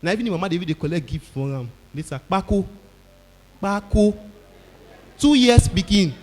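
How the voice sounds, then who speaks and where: A male stand-up comedian with a Nigerian Pidgin accent tells stories loudly and acts out the people in them. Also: sits high, a little fast, big-room sound, faint music behind. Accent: Nigerian Pidgin English. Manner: loud animated storytelling, acting out characters.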